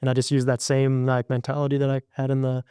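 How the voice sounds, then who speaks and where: Male podcast talker with a smooth, clear voice at mid pitch, recorded dry, loose and chatty. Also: fast talker, dry recording. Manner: animated, filler-heavy storytelling with lots of likes. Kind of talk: casual podcast conversation.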